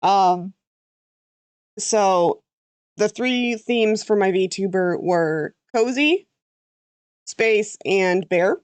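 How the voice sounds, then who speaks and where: A woman's voice: mid-range voice, animated, very slow, long pauses, smooth, no echo. A woman chatting casually as a content creator, thinking aloud with fillers and correcting herself. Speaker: VTuber. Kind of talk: casual chat.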